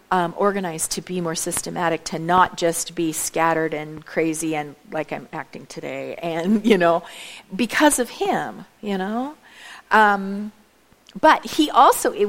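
A woman giving a lively talk to a church audience, chatty, with many asides, asking her listeners direct questions. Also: mid-range voice. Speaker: speaker at a church event.

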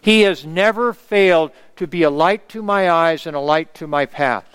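A middle-aged man preaches an earnest sermon, frequently calling on the congregation for an amen. His voice is on the high side, fairly bright and clean, at normal speed.

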